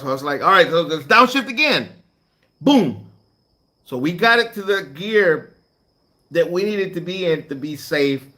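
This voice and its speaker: A man who hosts a channel for truck drivers, chatting casually with viewers and acting out the dialogue of his stories with lots of energy. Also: fairly high pitch. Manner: animated storytelling, acts out dialogue. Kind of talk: casual live chat with viewers.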